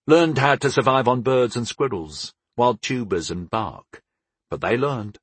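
Expressive male audiobook narrator, husky. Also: mid-range voice, unhurried, dry recording. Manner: expressive, storytelling. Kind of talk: first-person fantasy narration.

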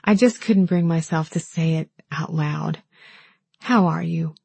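A woman voicing a grieving, chatty older southern woman in an audiobook, speaking softly and shakily over the phone. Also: low-pitched, a little slow, gravelly, husky, no echo, full character voice. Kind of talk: audiobook dialogue.

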